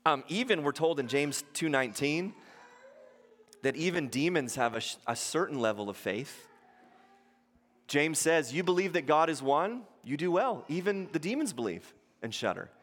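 Male pastor, high voice, preaching with rhetorical questions in a church hall with long reverb. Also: sing-song, unhurried, pauses often, a bit bright. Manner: rhetorical questions, acts out quotes in shifting voices. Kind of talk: sermon.

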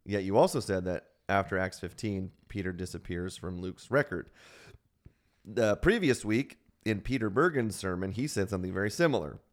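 A man's voice: sits low, normal speed. A man hosting a casual theology podcast, joking with his co-hosts and reading a listener question aloud. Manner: jokey, laughs often, reads listener questions aloud. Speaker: podcast host. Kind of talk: casual chat.

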